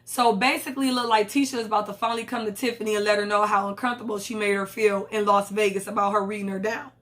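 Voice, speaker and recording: A woman's voice: mid-range voice, steady tone, fast, a bit bright. A young woman, recapping a reality show in casual, blunt and profane commentary and acting out the lines she quotes.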